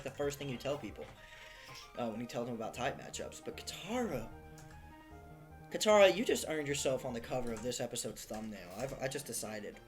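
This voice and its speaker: A man talking through a video game run in chatty, self-mocking commentary. He gets excitable over the game. Faint music plays under his voice. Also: mid-range voice. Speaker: gaming YouTuber. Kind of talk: let's play commentary.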